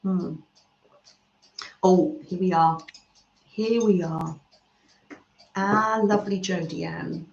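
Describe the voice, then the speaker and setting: Slow, soft-spoken woman, roomy sound. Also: lowish voice, fairly even intonation, creaky, a little hiss or hum. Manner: soft-spoken, murmurs "mm" often, trails off mid-sentence. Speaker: craft live-stream host reading chat. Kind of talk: slow, gentle chat while crafting. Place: home craft room. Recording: roomy, slightly dull home recording.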